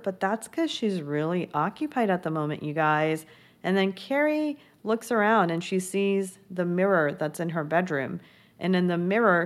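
Low-voiced chatty woman recapping TV. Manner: chatty, gossipy, lots of "like" fillers. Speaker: TV recap host. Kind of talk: casual episode recap.

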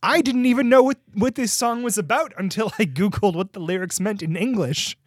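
A man's voice: high voice, fairly quick. A man co-hosting a podcast in casual chat, rambling and self-deprecating, swearing freely. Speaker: podcast co-host.

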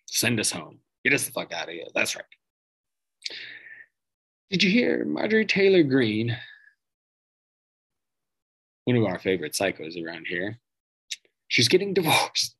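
A man's voice: on the low side, fairly bright tone, husky, low-quality recording. A man hosting a podcast, delivering a profane, sarcastic political rant and mocking his targets. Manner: sarcastic, mocking, swears freely. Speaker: podcast host.

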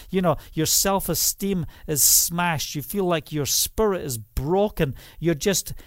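A man's voice: high-pitched, no echo. Earnest man preaching in a dry room. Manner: earnest, pleading, many "you know" asides. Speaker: pastor. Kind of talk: livestream sermon.

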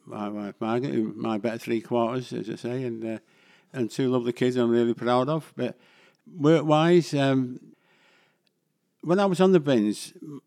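A man's voice: mid-range voice, fairly even intonation, normal speed, creaky, a little mellow. Chatty older Mancunian man. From England. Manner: rambling, chatty, self-deprecating. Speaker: guest actor. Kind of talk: casual interview chat.

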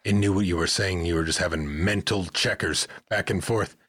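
A man's voice: low-pitched, normal speed, fairly bright tone, breathy edge, dry recording, clean studio sound. A man co-hosting a podcast in casual chat, joking around, laughing often and swearing heavily. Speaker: podcast co-host.

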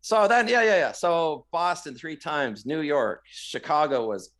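A middle-aged man from Canada, a guest in an interview, telling stories animatedly and bursting into loud quoted lines. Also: on the high side, unhurried. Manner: animated storyteller who shouts out quoted lines. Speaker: guest, marathon runner. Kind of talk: storytelling in a podcast interview.

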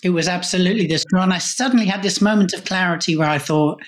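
A man's voice: high voice, steady tone, fast talker, few pauses. Man telling his story candidly. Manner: candid, conversational recounting. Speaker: podcast guest, burnout coach. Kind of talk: casual storytelling.

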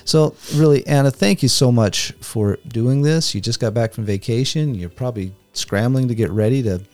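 A man hosting a podcast, wrapping up an interview in an affirming, slightly halting way. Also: mid-range voice, darkish tone, no room sound, soft background music. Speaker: podcast host. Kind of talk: conversational interview wrap-up.

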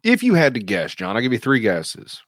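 A man's voice: medium pitch, wildly swooping pitch, normal speed, dry recording, studio quality. A man guesting on a podcast, telling crude, joking stories and acting out what people said. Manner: crude, joking, acts out quotes. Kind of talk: casual chat.

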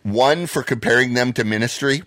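A man co-hosting a podcast, ranting in a heated, profane way and breaking into loud shouts. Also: mid-range voice, normal speed, a crowd in the background. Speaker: podcast co-host.

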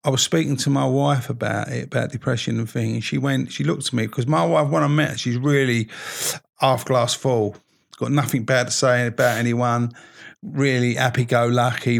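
A man's voice: medium pitch, steady tone, a little fast, vocal fry. A man, rambling and self-mocking in casual podcast chat, laughing often as he talks. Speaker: podcast host.

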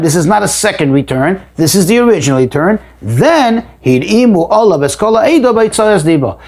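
A man's voice: sits high, a little mellow. A man teaching a text study lesson, reading each phrase aloud and then explaining it, with repeated words and emphatic rises. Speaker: Torah teacher.

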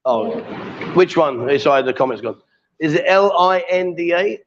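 A man's voice: fairly high pitch, expressive, moderate pace, highs cut off, slight background noise. A man hosting a casual live stream, teasing and joking as he reads out viewer comments. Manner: jokey, teasing, coaxing. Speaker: livestream host.

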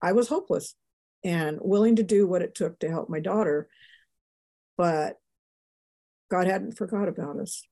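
An older woman, a show guest, giving an emotional, animated personal testimony. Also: fairly low pitch, normal speed, long pauses.

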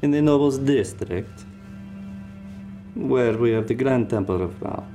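A man's voice: medium pitch, a little slow, warm tone, faint music behind, voice pushed up, lightly acted. A man voicing a welcoming female temple priestess who greets formally and sometimes restarts his phrasing.

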